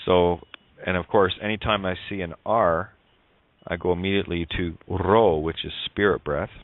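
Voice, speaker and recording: Low, rambling talk-radio host on a dry, tinny phone-like line. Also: fairly even intonation, normal speed, dry recording. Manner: rambling, wordplay-driven explanations.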